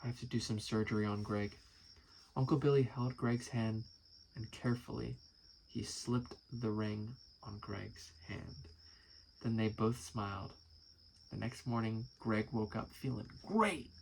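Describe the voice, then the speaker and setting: A man's voice: medium pitch, fairly even intonation, unhurried, gravelly, pauses often, slight background noise, poor audio. A man casually reading aloud and commenting, amused and chatty, swearing now and then. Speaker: musician and video creator.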